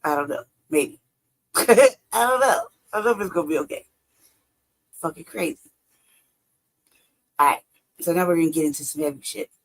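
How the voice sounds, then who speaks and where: A woman hosting a livestream, reacting in casual, profane, exasperated commentary that swings high and low. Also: fairly quick, long pauses, poor audio. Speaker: livestream host.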